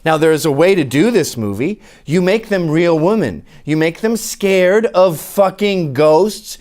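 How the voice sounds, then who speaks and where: A man's voice: high-pitched, expressive, normal speed, few pauses, darkish tone. A man delivering a comic opinion rant to camera in a sarcastic, mocking way. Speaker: commentator.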